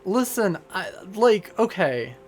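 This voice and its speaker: Very animated yet taking it slowly, this streamer chats with a live audience in a goofy, rambling way, using lots of fillers while answering chat. The voice sits at medium pitch.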